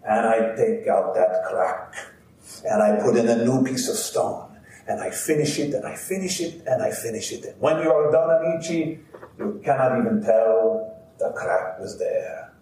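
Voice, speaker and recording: A man's voice: medium pitch, expressive, moderate pace, dark tone, close to an everyday voice. A man playing an old Italian immigrant stone carver with a heavy Italian accent, telling his story with pride to a live audience outdoors. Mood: proud. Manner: boastful storyteller addressing friends. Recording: roomy, distant outdoor sound with faint background noise.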